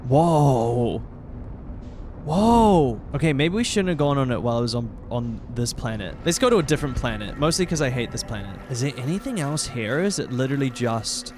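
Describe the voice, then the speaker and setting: A man commentating his own playthrough of a game, excitable, swearing often and reacting loudly. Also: mid-range voice, fairly quick, hardly any pauses, a little hiss or hum. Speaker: streamer playing a game. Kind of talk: let's play commentary.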